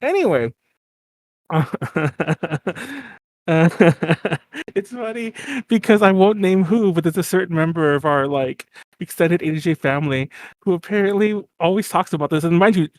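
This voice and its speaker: Rambling higher-pitched man on a podcast. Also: animated, a little slow, no room sound, clean studio sound. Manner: rambling, lots of fillers and restarts, laughs often. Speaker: podcast co-host. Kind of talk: casual chat.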